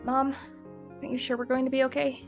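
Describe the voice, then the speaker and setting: A woman's voice: high-pitched, completely flat delivery, fairly quick, faint music behind, voice pushed up. A woman voicing a small, scared child who speaks in a small, anxious voice. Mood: frightened.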